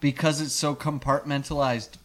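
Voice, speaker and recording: Guy on a podcast, animated, cussing for laughs. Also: a little high, normal speed. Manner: animated storyteller, swears for comic effect. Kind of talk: casual chat.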